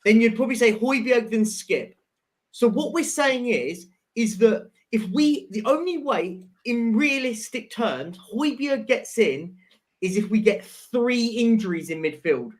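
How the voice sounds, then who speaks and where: Measured co-host in a football chat. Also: mid-range voice, animated.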